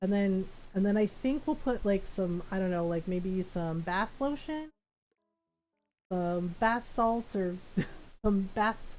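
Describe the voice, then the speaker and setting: A woman's voice: medium pitch, lively intonation, slow pace, a little mellow, soft background music, rough recording. A woman streamer chatting casually while gaming, rambling and laughing often. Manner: many restarts and fillers.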